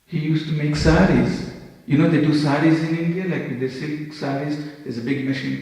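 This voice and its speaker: A man giving a lively storytelling sermon with a slightly higher-than-usual voice. He acts out the dialogue as he tells it. His voice rings through a temple hall with a long, heavy echo. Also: moderate pace, creaky. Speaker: speaker giving a class.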